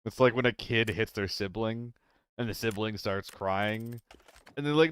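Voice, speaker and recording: A young man chatting casually with his viewers while streaming a game, playful and quick to laugh. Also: lowish voice, a bit bright, smooth, dry recording. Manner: playful, apologetic, laughs often.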